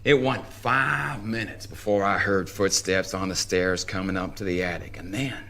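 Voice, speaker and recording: A man with a Southern US accent giving a live dramatic reading of a first-person story in a slow, wry drawl. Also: sits low, fairly bright tone. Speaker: reader.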